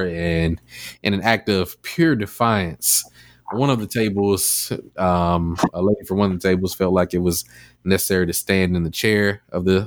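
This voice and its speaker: A podcast host with a deep voice chats casually, rambling and using plenty of fillers while retelling a story. The recording is dry with clean studio sound.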